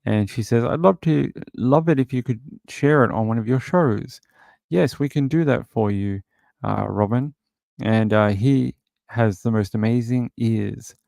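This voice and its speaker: A man's voice: medium pitch, measured pace, vocal fry, darkish tone, dry recording, clean studio sound. A man hosting a livestream, casually chatting and rambling with many filler words as he reads out viewer comments. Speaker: livestream host.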